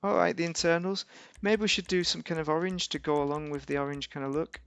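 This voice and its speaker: A man's voice: fairly high pitch, steady tone, fast, gravelly, fairly bright tone, clean tone, no room sound. A man giving casual, rambling gameplay commentary as a YouTuber, correcting himself and making wry asides. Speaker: gaming YouTuber.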